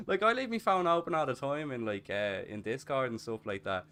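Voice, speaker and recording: A man in his thirties with an Irish accent, chatting casually and crudely while streaming a game, swearing often and breaking into loud laughs. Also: medium pitch, brisk, hardly any pauses, clear, resonant tone. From Ireland. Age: 30s. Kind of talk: casual chat while gaming.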